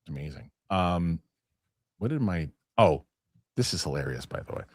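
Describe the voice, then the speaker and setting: A man's voice: low voice, big pitch swings, normal speed, a little mellow, breathy edge, no room sound, studio quality. A middle-aged man hosting a casual chat show, rambling with restarts and acting out other people's lines. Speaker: host.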